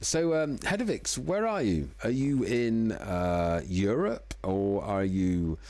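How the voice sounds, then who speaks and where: A man's voice: on the low side, lively intonation, slow, darkish tone, no room sound. A man hosting a casual live music-making stream from home, chatty and self-deprecating, a little tipsy. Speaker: livestream music producer host. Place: home room in the evening.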